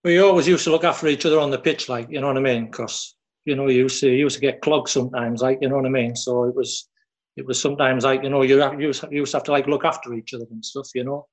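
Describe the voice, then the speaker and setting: A man's voice: mid-range voice, fairly even intonation, fast. A man telling a long casual story about his playing days, full of "like" and "you know what I mean". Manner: rambling, lots of "like" and "you know". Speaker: former footballer guest.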